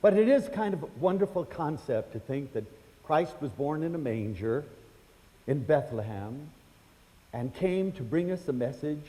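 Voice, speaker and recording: An older man from the United States telling personal stories to an audience, chatty and animated, acting out the voices of the people in them. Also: fairly high pitch. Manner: animated, acts out quoted voices, chatty fillers. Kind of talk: storytelling lecture to an audience. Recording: hall reverb.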